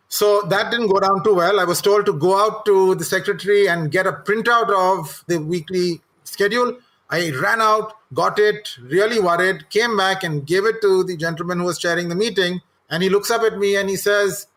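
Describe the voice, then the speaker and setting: A man's voice: sits high, moderate pace, pushed and bright. A middle-aged man, a guest telling candid, self-deprecating personal anecdotes. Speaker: guest, communications executive and coach.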